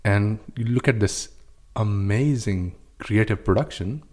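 A man's voice: lowish voice, measured pace, darkish tone. A man on a podcast recounting stories and ideas in a chatty way, with frequent "uh" fillers. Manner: storytelling, with "uh" fillers and restarts. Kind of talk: casual discussion.

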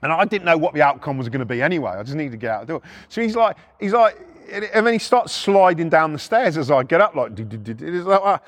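A man's voice: a little high, fast. A middle-aged man, a former repossession agent, telling blunt, sweary stories in a casual way. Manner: blunt, sweary, animated retelling. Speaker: former repo man storyteller. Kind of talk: casual storytelling.

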